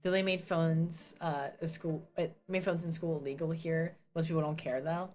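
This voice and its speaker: A woman's voice: deep voice, fairly even intonation, normal speed, a little mellow. A young woman from New Jersey chatting casually as a streamer, ranting and swearing with self-mocking asides. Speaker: VTuber streamer.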